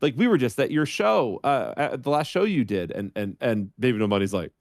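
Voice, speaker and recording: Animated storytelling man, lively pitch. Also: brisk, dry recording, studio quality. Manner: animated, acts out voices in his anecdotes. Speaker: guest streamer. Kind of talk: casual storytelling on a podcast.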